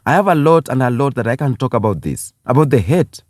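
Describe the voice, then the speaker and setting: A man's voice: medium pitch, very animated, brisk, hardly any pauses, a little mellow, no echo, clean studio sound. A man from Kenya, giving an impassioned video commentary and repeating phrases for emphasis. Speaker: YouTube commentator.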